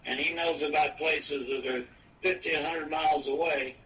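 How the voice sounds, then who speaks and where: A man in his eighties from Virginia, reminiscing casually and haltingly, stumbling and repeating words with many fillers. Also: fairly high pitch, fairly even intonation, fairly bright tone. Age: 80s. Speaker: retiree interviewed in an archive recording. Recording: distant mic with clear noise in an old home recording.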